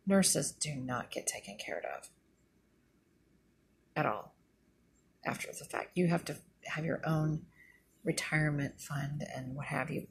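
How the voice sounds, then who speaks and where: A woman's voice: low-pitched, vocal fry, a little hiss or hum. A middle-aged woman, a former nurse, venting indignantly in a casual monologue and retelling conversations. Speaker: retired nurse vlogger.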